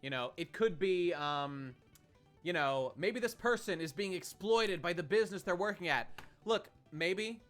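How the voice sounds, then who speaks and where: A man's voice: high voice, lively intonation, a little slow, fairly bright tone, soft background music. A man streaming a game and chatting with his viewers in a rambling, profane way, often restarting his sentences. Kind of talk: casual live-stream commentary.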